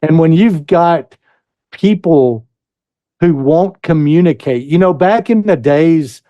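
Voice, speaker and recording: A man's voice: a little high, no room sound, muffled recording. An American man speaking as a guest musician in a casual interview, hesitant and full of fillers. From United States. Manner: slow, hesitant, many fillers.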